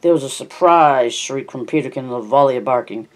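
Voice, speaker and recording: In a brisk, mid-range voice, an amateur audiobook reader narrates a novel in the first person. The reading includes slips that the reader stops to correct.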